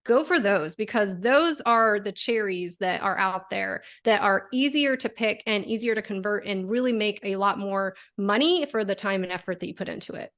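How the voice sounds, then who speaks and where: A woman speaks as a podcast guest in an easygoing, chatty way. She sits in the middle range of pitch and keeps leaning on fillers and restarts as she explains. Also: normal speed, hardly any pauses, fairly bright tone. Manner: chatty, uses many fillers. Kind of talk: casual interview chat.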